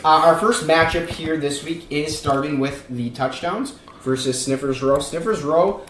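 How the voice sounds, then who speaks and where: A man's voice: fairly high pitch, moderate pace, fairly bright tone. A young man hosting a casual fantasy football podcast, rambling with lots of fillers and joking asides. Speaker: podcast host. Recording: echoey room with faint noise.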